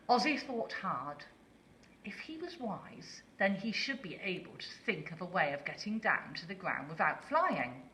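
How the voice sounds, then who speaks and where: Woman storyteller, slow and expressive, bright voice, roomy echo. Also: fairly low pitch. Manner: slow, expressive, asks listeners questions. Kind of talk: children's story reading.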